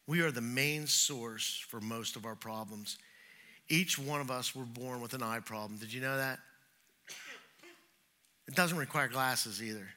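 A middle-aged man preaching a sermon, telling personal stories and acting out the voices he quotes, swinging between loud and hushed. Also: medium pitch. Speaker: pastor.

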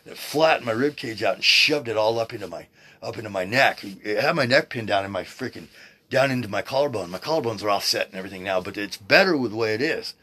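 A man in his sixties hosting a podcast, rambling in a casual, excitable way, swearing freely and often restarting his sentences. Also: on the low side. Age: 60s. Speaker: podcast host. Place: at home, seated.

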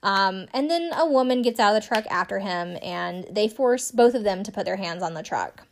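A woman's voice: medium pitch, lively intonation, normal speed, a little hiss or hum. A woman giving a casual spoken recap of a TV show, chatty and indignant, swearing freely between fillers. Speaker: recap commentator.

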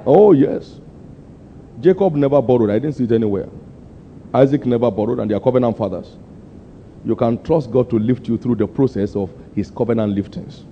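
An older man preaching a sermon, pushing his people for answers and climbing to sudden high, emphatic peaks. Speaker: pastor. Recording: muffled lo-fi sermon recording.

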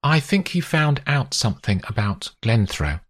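A composed woman investigator, put on by a male narrator, pitched high above his own husky voice. She asks her questions level and probing, with a lively lilt, in an audiobook scene. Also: moderate pace, full character voice. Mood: serious. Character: calm, probing female investigator.

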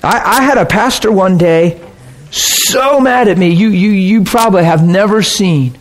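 A man's voice: sits high, unhurried. A man preaching a conversational sermon, telling stories with casual, emphatic asides.

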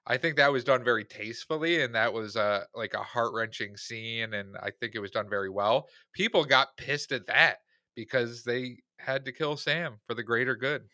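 Male podcast co-host, bright tone, easygoing and halting, dry close mic. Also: medium pitch, no room sound. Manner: relaxed, hesitant, full of fillers. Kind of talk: casual movie review chat.

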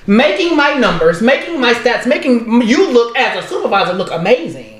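Woman on a podcast, bit high voice, blunt and cussing, echoey room. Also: big pitch swings, normal speed. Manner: blunt, profane and emphatic. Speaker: podcast co-host. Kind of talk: casual chat.

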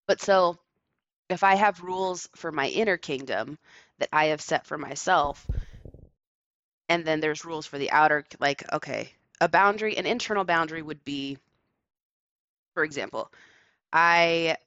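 A woman co-hosting a casual discussion over a call, reflective and slow in her phrasing, laughing often. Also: low voice, a bit bright, dry recording, highs cut off. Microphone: remote call.

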